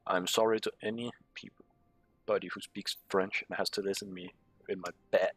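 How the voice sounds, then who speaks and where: A man's voice: low voice, level tone, brisk, fairly bright tone, breathy edge, dry recording. A man giving casual strategy game commentary, reading menu text aloud with sarcastic, muttered asides. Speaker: gameplay commentator.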